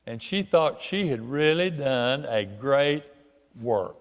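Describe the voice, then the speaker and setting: A man preaching a sermon as a guest preacher, telling stories slowly and leaning on key words. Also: mid-range voice, lively intonation. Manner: slow, deliberate storytelling with drawn-out emphasis. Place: church sanctuary. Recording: long church reverb.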